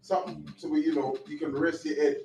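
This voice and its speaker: Gravelly guy chiming in slow from across the room, lots of echo, lively pitch. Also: slight background noise. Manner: slow, thoughtful comments. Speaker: class member. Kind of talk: casual group discussion. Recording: echoey, from far off the mic.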